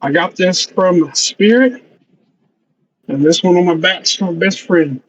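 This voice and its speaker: A man voices a blunt, boastful halfling warrior, loyal to his friends. His voice sits a bit high and comes through a dull, lo-fi stream mic. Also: measured pace, husky. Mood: proud.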